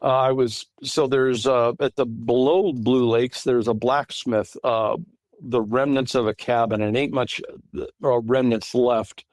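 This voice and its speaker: A man's voice: mid-range voice, steady tone, measured pace, a little mellow, no room sound. A middle-aged man from California recounting an encounter in a rambling way, restarting his sentences often over a remote call. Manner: rambling, many restarts and fillers. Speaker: guest witness. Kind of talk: casual interview storytelling.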